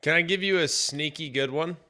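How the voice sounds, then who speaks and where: A man's voice: a little high, fairly quick, pushed and bright. A man co-hosting a sports radio morning show, talking eagerly with lots of fillers. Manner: enthusiastic, filler-heavy. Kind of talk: casual morning radio chat. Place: radio studio.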